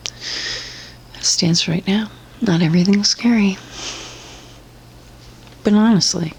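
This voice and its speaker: A young woman delivers a blunt, sarcastic commentary, swearing freely as she tears into what she is reacting to. Her voice sits low with a gravelly, fry-laden edge. A faint hiss of noise runs under the recording. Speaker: commentary vlogger. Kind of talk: profane ranting commentary.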